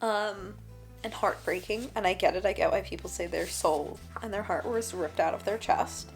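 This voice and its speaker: A woman's voice: mid-range voice, normal speed, creaky, faint music behind. A young woman chatting casually and emotionally in a reading vlog, tired and full of exclamations. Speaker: book vlogger.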